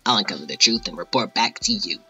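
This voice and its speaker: A man's voice: on the low side, animated, quick pace, sharp tone, exaggerated voice, rough recording. A man voicing Skelly, a sly skeleton spy who snoops for a fee, in a game playthrough.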